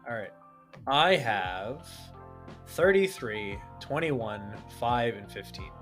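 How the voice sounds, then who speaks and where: A man's voice: medium pitch, very animated, slow pace, fairly bright tone, soft background music. A man chatting casually as a player in a tabletop game, hesitant and laughing often.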